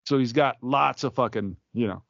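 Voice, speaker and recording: A man's voice: mid-range voice, normal speed, vocal fry, dry recording, muffled recording. A man co-hosting a comedy podcast, telling a rambling anecdote with restarts and acted-out quotes. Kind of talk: casual podcast banter.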